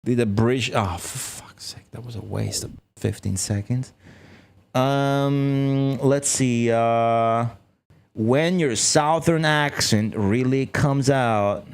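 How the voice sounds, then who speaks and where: A man, rambling and swearing through live gameplay stream chatter, laughing often and jumping into high exclamations. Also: takes it slowly, clear, resonant tone. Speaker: game streamer. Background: game music.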